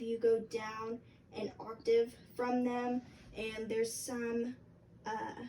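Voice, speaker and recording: A young woman walks through a flute part in a relaxed, halting lesson, pausing on fillers as she explains. Her voice is mellow and slightly high. The mic sits some way off, with a faint hiss behind her. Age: young adult. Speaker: flute teacher. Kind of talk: instructional music lesson. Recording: distant mic with faint background noise.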